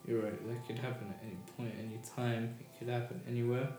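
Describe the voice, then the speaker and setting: A man's voice: medium pitch, quick pace. A British man hosting a casual chat, telling stories with energy and asking questions. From Britain. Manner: lively, storytelling, asks questions. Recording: echoey room with music behind.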